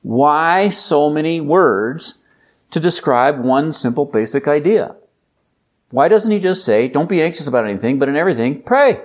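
A man preaching a sermon in a conversational, emphatic way, building up to loud, intense exhortation. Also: fairly high pitch, animated, normal speed. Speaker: pastor.

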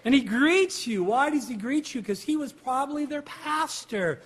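A male pastor delivers a sermon in a notably high-pitched voice. He leans hard on key words and keeps pressing the listeners with rhetorical questions. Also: expressive, moderate pace, breathy edge. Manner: emphatic preaching with rhetorical questions.

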